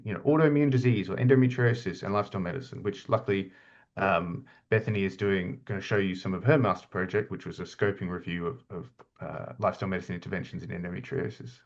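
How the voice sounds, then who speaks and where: A man's voice: lowish voice, quick pace, dull audio. A middle-aged man gives an informal slide lecture as an academic lead, chatty, with many fillers and restarts. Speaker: university academic lead presenting a webinar.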